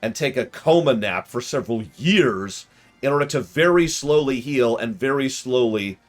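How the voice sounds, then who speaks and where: A wounded male dragon, put on by a man retelling a game, drawls his words out slowly and lazily. The voice sits at an ordinary middle pitch and has an easy, unhurried pace. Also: animated, soft background music, close to an everyday voice. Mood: laid-back.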